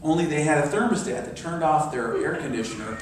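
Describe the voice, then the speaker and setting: A man's voice: a little high, fairly quick, a little hiss or hum. Older minister in his 60s, storytelling sermon, very roomy sound, mic at a distance. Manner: storytelling, dropping to soft meditative tones. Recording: very echoey hall, mic far off.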